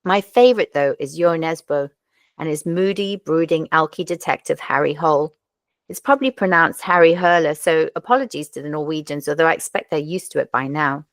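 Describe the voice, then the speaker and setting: A woman's voice: low voice, a little fast, no room sound. A woman hosting a podcast, reviewing crime novels in a wry, self-deprecating scripted talk. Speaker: podcast host.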